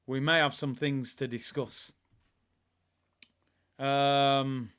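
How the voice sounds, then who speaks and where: Exasperated high-voiced football fan ranting. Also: male voice, slow, clean tone. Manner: exasperated, ranting, swings between mutters and shouts. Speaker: host of a live football watch-along. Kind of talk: live match watch-along commentary.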